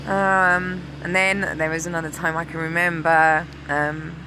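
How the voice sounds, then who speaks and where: A woman's voice: low-pitched, flat delivery, unhurried, noisy background. A woman from England telling her own story as a mother, candid and full of ums. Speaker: mother sharing her cancer experience. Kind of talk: personal talk to camera.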